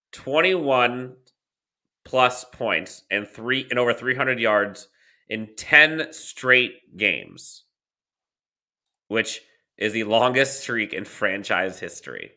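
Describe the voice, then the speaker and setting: A man's voice: mid-range voice, big pitch swings, slow, long pauses, sharp tone. A man co-hosting a sports podcast, rattling off team stats in casual chat with dry laughs. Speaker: podcast co-host.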